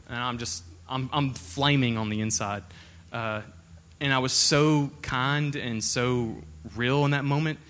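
A man's voice: mid-range voice, steady tone, normal speed, a bit bright. A young man preaching an informal sermon, telling a personal story in an earnest, conversational way before reading scripture aloud.

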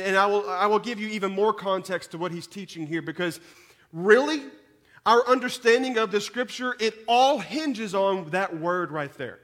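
A man, preaching a sermon that moves between scripture reading, prayer and lively storytelling, often repeating words as he goes. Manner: animated storyteller, repeats words, rises in pitch and volume at dramatic moments. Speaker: pastor.

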